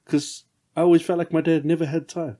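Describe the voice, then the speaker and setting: A man's voice: a little high, level tone, a little fast, warm tone. A middle-aged man hosting a podcast, reflecting candidly on fatherhood and swearing casually. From New Zealand. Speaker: podcast host. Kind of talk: casual chat.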